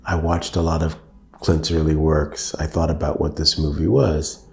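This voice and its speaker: Older guy, dark mellow voice, slow thoughtful interview stories, livens up quoting folks. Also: a bass voice, vocal fry, reverberant. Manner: measured, thoughtful, animated when quoting. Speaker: actor and director, guest. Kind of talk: reflective interview storytelling.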